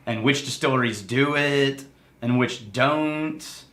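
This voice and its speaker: A man's voice: medium pitch, slow, a bit bright, reverberant. A man co-hosting a whiskey tasting show, chatting casually and explaining with enthusiasm. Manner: explanatory, enthusiastic, laughs easily.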